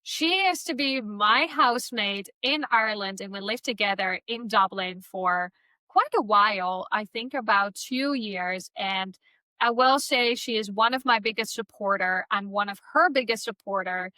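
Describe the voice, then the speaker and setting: A woman's voice: medium pitch, measured pace, sharp tone, no room sound. A woman hosting a podcast, giving a friendly welcome and introducing her guest in a casual chat. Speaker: podcast host.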